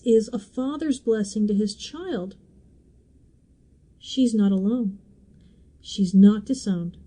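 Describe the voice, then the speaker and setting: A woman's voice: fairly high pitch, a little slow, pauses often, warm tone, rough recording. A woman hosting a podcast and teaching through a Bible passage, in a chatty, emotional way with asides and small laughs.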